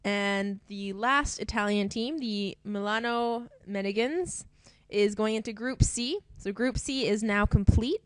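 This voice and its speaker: A woman's voice: medium pitch, a little slow, few pauses, no echo. A young woman presenting a sports group draw in a casual, chatty way, laughing often between team names. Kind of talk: casual live announcing.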